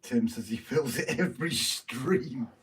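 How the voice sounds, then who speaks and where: A man's voice: mid-range voice, measured pace. A British man chatting casually on a live stream, reading viewer comments and bantering in a teasing way. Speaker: livestream co-host. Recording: voice from a distance, faint noise.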